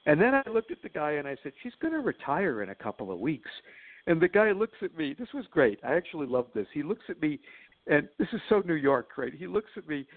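A man's voice: fairly high pitch, big pitch swings, fairly quick, dry recording. Man telling stories over a phone line. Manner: chatty, laughs at his own stories, many fillers. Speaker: guest.

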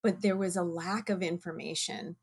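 A woman who chairs a science department and teaches biology, talking in a measured, thoughtful way in a casual conversation. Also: lowish voice, fairly even intonation, husky. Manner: measured, thoughtful, slow-paced.

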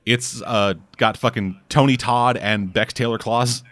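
A man's voice: medium pitch, fairly even intonation, a little slow, fairly bright tone, no echo. A man hosting a casual podcast, talking in a rambling, sarcastic way and swearing often. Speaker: podcast host.

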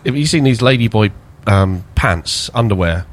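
A man chatting casually in a halting, hesitant way with dry quips. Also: fairly low pitch, animated. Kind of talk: casual chat.

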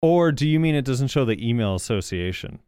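A man's voice: medium pitch, animated, fairly quick, darkish tone, clear, resonant tone, no room sound, clean studio sound. A man co-hosting a gaming podcast, reading out viewer comments and reacting in a loose, hesitant way with lots of fillers. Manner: casual, hesitant, many fillers. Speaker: podcast co-host.

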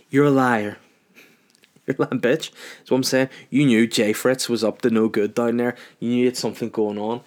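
Swearing Northern Irish podcast host. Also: male voice, lowish voice. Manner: profane, rambling, mocking. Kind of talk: casual solo podcast rant.

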